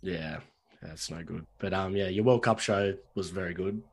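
A man's voice: deep voice, normal speed, gravelly, slight background noise. Easygoing man hosting. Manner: relaxed, brief affirmations and questions. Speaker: podcast host. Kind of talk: casual interview chat.

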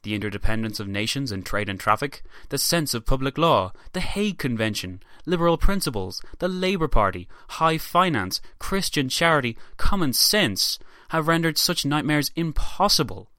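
A man's voice: mid-range voice, sing-song, moderate pace, hardly any pauses, sharp tone, no echo, studio quality, pitched above the performer's own voice. A man doing an impression of a grave elderly male statesman, delivering a declamatory speech. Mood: grave, oratorical. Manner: rolling, declamatory oratory.

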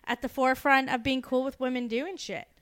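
A woman's voice: high voice, steady tone, fairly quick, fairly bright tone. A woman co-hosting a podcast, telling a history story in casual chat and laughing often. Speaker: podcast co-host.

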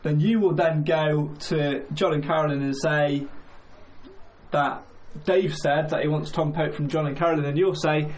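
A man's voice: on the high side, fairly even intonation, moderate pace, a little mellow. A man co-hosting a casual football chat, joking and laughing between points. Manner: chatty, jokey, laughs often. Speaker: podcast co-host. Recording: faint background noise.

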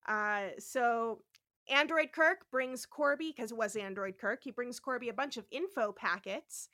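A woman co-hosting a podcast, recapping an episode in casual chat, animated and swearing freely as she acts out the characters' lines. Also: on the high side, unhurried. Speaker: podcast co-host.

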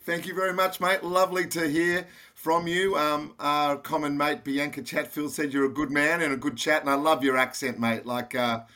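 A man's voice: fairly high pitch, little pitch movement, normal speed, few pauses, pushed and bright. A man with an Australian accent, a guest on an interview podcast, speaking passionately and directly in a casual, blokey way. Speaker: podcast guest, charity founder.

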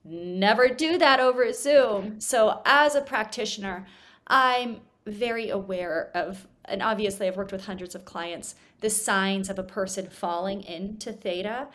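Animated woman hypnotherapist explaining. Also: mid-range voice, unhurried. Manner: animated, explanatory, shifts volume to demonstrate. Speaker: hypnotherapist guest. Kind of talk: podcast interview, explaining. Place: podcast studio.

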